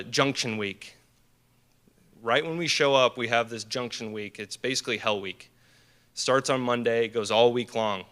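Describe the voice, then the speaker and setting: Bright, smooth-voiced young man telling a story. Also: mid-range voice. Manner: earnest, animated storyteller with many fillers. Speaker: guest speaker at a team dinner. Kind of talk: personal storytelling speech. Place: banquet hall.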